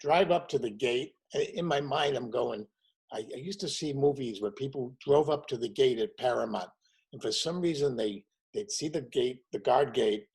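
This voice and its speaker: A husky-voiced man in his sixties swaps show business stories with animated energy. His pitch sits in an ordinary middle range, and he keeps breaking into other voices to act out the people he quotes. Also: moderate pace, low-quality recording. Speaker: guest, warm-up comedian. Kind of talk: casual storytelling chat.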